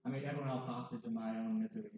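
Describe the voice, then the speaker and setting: A man's voice: mid-range voice, steady tone, very fast, a little mellow, slight background noise. A young man in his twenties sharing a candid personal testimony with wry, self-mocking humor. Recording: distant, dull, very echoey hall.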